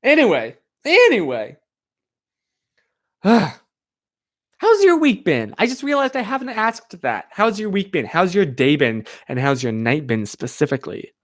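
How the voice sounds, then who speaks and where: The speaker's voice sits high and sounds fairly bright and very animated, though his delivery is unhurried. He's streaming from a chilly room on a streaming mic, rambling with frequent "like" fillers and addressing viewer chat directly.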